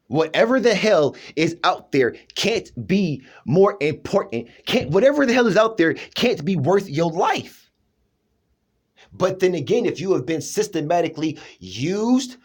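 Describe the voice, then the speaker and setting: A man talking in a rambling personal monologue, emphatic, restarting often and checking in with his listener. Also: high-pitched. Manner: emphatic, keeps asking "you know what I'm saying".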